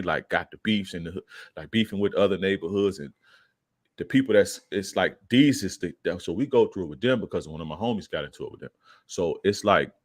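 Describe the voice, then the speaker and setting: A man's voice: sits low, fairly bright tone, dry recording, clean studio sound. A young man, a podcast guest, casually telling a profane street story and acting out the quoted lines in a raised voice.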